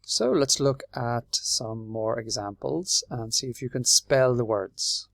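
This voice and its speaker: A man with an Irish accent teaching English, explaining patiently and clearly and spelling words out letter by letter. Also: medium pitch, slow, dry recording, studio quality. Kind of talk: slow, clear classroom explanation.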